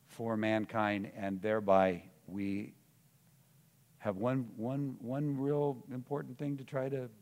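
A man preaching a sermon, moving from soft musing to loud emphatic declarations, often repeating words as he searches for the next phrase. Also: medium pitch. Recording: long hall reverb.

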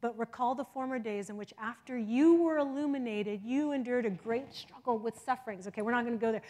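A middle-aged woman preaching a sermon with passion, moving from loud exhortation to hushed intensity. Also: on the high side, a little fast, hardly any pauses. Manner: impassioned, swings from loud exhortation to soft intensity.

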